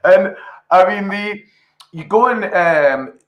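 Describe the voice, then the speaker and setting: A man's voice: sits high, expressive, slow pace, a bit bright, lo-fi sound. A man interviewing a guest, asking long questions full of hesitations and restarts. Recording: roomy echo.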